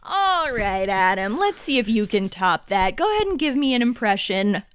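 A woman's voice: medium pitch, sing-song, moderate pace. A woman co-hosting a comedy podcast, playful and mock-solemn. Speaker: podcast co-host.

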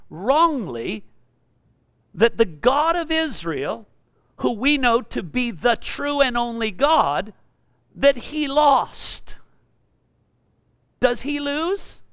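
A man's voice: sits high, fairly bright tone, smooth, dry recording. A middle-aged male pastor preaching a sermon, often repeating words and restarting sentences. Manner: preaching with frequent word repetitions and restarts.

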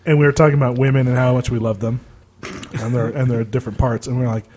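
A man co-hosting a podcast, talking in crude casual banter, loud and teasing, laughing often. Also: mid-range voice, flat delivery, fast. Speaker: podcast co-host. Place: studio room in southern Utah.

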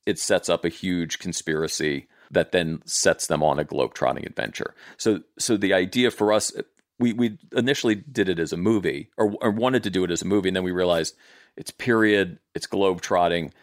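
A screenwriter in his forties talks easily as a guest, circling back and restarting as he explains. His voice runs very low. The sound is close and dry. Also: brisk, no echo. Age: 40s. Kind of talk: casual interview talk.

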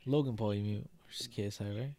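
A young man in his twenties co-hosting a podcast, chatting casually with slang and frequent swearing, getting animated in his rants. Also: lowish voice, fast. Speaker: podcast co-host. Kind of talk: casual chat.

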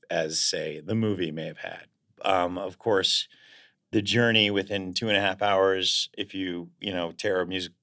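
A man's voice: sits low, fairly bright tone. A man being interviewed as a guest actor, talking in a reflective, casual way and searching for words as he goes.

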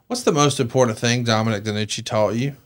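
A man co-hosting a podcast, asking short, soft-spoken questions in casual chat. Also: medium pitch, fast. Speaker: podcast co-host.

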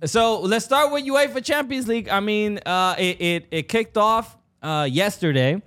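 A man's voice: high voice, unhurried, a bit bright. A man co-hosting a sports podcast in a casual chat, laughing often and filling with "uh" and restarts. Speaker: podcast co-host.

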